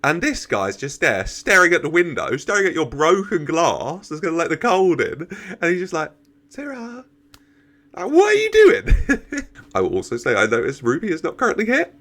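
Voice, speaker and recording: A man's voice: on the high side, very animated, a little fast, bright, forceful tone. A man giving casual reaction commentary, chatting, laughing often and talking back to the characters on screen. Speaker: reaction video host.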